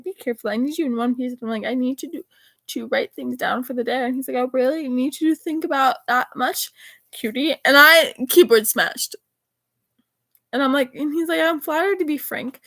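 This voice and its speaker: A high-voiced teenage girl chats casually to her phone, reading out a string of text messages in a rambling, animated way and swearing freely. The recording is close and dry, with no room sound. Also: no room sound. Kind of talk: casual chat reading out texts.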